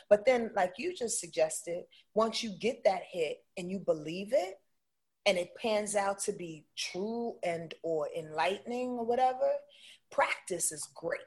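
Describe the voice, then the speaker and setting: A woman speaking as an interview guest about intuition, animated and emphatic, often checking in with "right?". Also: mid-range voice, breathy edge. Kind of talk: casual conversational interview.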